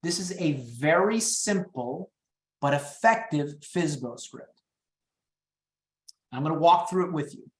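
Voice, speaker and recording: A man coaching real estate agents on phone scripts, talking fast and upbeat and acting out the calls. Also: expressive, reverberant. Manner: high-energy, quick, acts out phone calls. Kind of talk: teaching sales scripts in a webinar.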